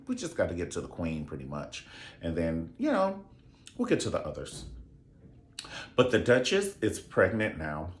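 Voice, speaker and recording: A campy, sassy man chatting through a show review with a very lively, swooping delivery. The voice sits mid-range and rings in an echoey room. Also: mid-range voice. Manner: campy, sassy, profane, calls people honey. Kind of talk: casual comedic retelling.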